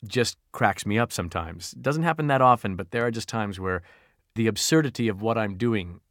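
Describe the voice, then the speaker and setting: A man who works as an audiobook narrator, answering fan questions in a recording studio, telling stories in an animated, playful way. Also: lowish voice, moderate pace, dry recording.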